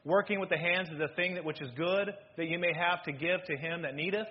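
A man, a pastor, preaching a sermon in a church, animated and swinging between loud bursts and hushed asides. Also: fairly high pitch, a little fast, breathy edge, muffled recording. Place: church sanctuary.

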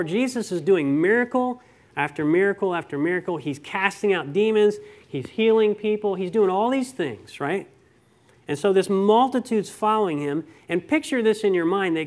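A man preaching a sermon, reading scripture and then talking conversationally to the congregation with rhetorical questions and stories. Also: high-pitched.

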